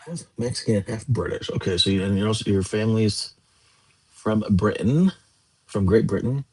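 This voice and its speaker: Man, casual live chat, rambling, slightly low voice, breathy. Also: moderate pace. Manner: rambling, chatty, answers viewer questions. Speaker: livestream host.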